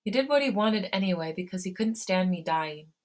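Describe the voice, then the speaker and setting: A woman voicing a weak, sick young man with a hoarse, quiet, tired voice, in a fan fiction read aloud. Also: fairly low pitch, lively intonation, fairly quick, lightly acted. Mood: weary.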